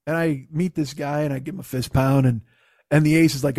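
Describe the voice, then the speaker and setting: A man casually telling a long funny story, profane and animated, acting out the other people's lines. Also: medium pitch, a little fast, creaky, breathy edge, no room sound, studio quality. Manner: profane, animated, acts out quotes.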